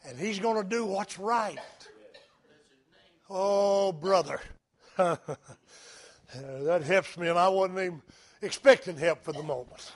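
A male preacher delivers a sermon with a high voice and a slow, deliberate pace. He swings from quiet asides to emphatic, shouted lines. He weaves personal stories into his preaching. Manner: emphatic, rising to shouts, anecdotal.

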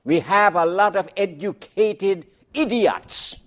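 A man preaching a sermon, emphatic, asking rhetorical questions and swinging between loud and soft. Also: high-pitched, takes it slowly.

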